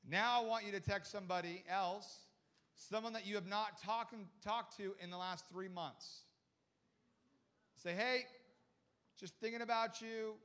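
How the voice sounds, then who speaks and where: A young man preaching a sermon with a high voice. He tells a story with animated energy, quoting people in quick bursts and repeating words as he goes. His delivery jumps between loud, excited moments and hushed asides. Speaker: pastor.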